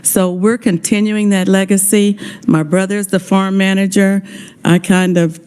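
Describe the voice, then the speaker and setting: A woman speaks with heartfelt gratitude in a legislative hearing room, her voice mellow and warm. She talks as an honoree at the committee and sounds a little emotional. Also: medium pitch, steady tone, a little slow, smooth. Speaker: honoree testifying.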